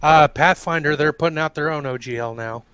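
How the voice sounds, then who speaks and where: A man chatting casually on a stream, rambling and animated as he retells things. His voice sits a little on the high side. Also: brisk, a loud crowd. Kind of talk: casual chat.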